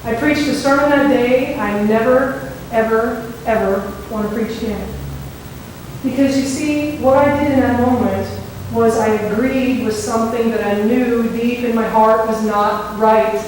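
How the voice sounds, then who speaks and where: A woman pastor preaching a sermon, telling a story in a conversational, animated way. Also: a little high, a little slow, slight background noise. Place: church sanctuary. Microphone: microphone that cut out. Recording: echoey hall, voice from far off.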